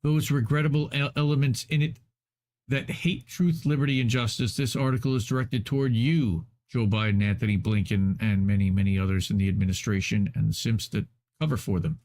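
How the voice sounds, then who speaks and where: A man's voice: medium pitch, a little mellow. A man hosting a live stream, reading an article aloud with emphatic delivery and sardonic asides.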